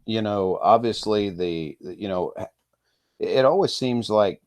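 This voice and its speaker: A man who coaches high school football, talking in a rambling, easygoing way with lots of fillers and restarts. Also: measured pace, darkish tone, no echo, studio quality. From Kansas. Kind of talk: casual podcast interview.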